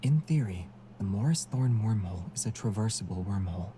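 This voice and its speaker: A man voicing a calm, soft-spoken young man in a game, speaking in a measured tone with careful enunciation. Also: fairly low pitch, a little hiss or hum, lightly acted. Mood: lecturing. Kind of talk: game character voice-over.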